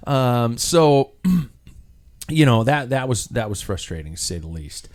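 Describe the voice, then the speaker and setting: A man's voice: mid-range voice, lively intonation, a little slow, darkish tone. A man hosting a casual cycling chat, telling a rambling story with many restarts and fillers. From United States.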